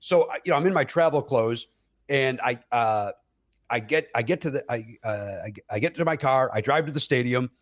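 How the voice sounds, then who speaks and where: A middle-aged man, a comedian guest, telling stories in an animated way and acting out other people's voices. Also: mid-range voice, normal speed. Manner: acts out other people's voices, with many fillers and laughs. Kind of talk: animated comic storytelling.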